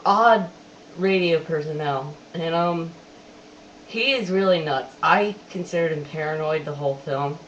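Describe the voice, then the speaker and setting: A casual webcam movie reviewer who talks chattily, keeps repeating that he has to admit things, and quotes lines with animated emphasis. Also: medium pitch. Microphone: webcam microphone. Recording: distant dull webcam audio, faint hiss.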